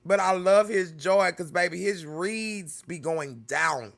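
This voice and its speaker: A man's voice: high-pitched, slow, vocal fry, a bit bright. A man hosting a reaction video, chatting casually and laughing often, calling viewers y'all and baby.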